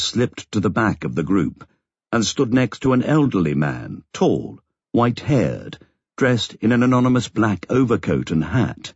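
A man narrating an audiobook in a measured, expressive storytelling manner. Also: on the low side, slightly rough, no room sound, highs cut off. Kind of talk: scripted narration.

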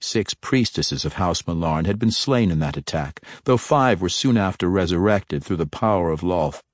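A man narrating a dark fantasy novel in a steady, measured storytelling manner. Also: low-pitched, no echo, studio quality. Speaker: audiobook narrator.

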